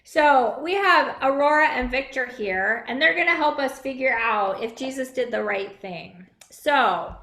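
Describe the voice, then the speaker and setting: Woman pastor, high voice, friendly, questions kids; children's message in an echoey room. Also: animated, measured pace, hardly any pauses, pushed and bright.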